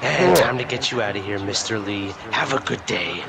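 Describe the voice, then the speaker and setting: A man voicing a brash, foul-mouthed male wrestler who taunts his rivals with sudden yelled threats, in improvised fan role-play. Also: lowish voice, moderate pace, gravelly, a loud crowd. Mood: taunting. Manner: cursing, mocking taunts that swing to sudden yells. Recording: loud background noise.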